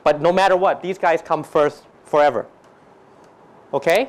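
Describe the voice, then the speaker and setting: A man's voice: a little high, brisk. A man teaching a finance class, questioning students constantly and joking between points. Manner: questions students constantly, mixes Thai phrases, jokey. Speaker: finance lecturer. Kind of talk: classroom lecture.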